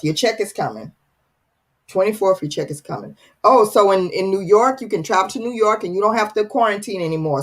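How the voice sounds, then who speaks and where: A woman hosting a casual livestream, reading out viewer comments with a playful, teasing, dramatic manner. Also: medium pitch. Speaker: live stream host reading viewer comments. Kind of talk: casual chat.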